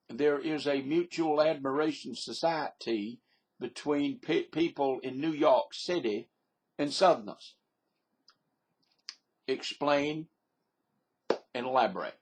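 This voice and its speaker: Slow-talking husky Southern man. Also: fairly high pitch. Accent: American Southern. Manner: folksy and rambling, with repeated catchphrases. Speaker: vlogger. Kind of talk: casual webcam monologue. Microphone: webcam microphone.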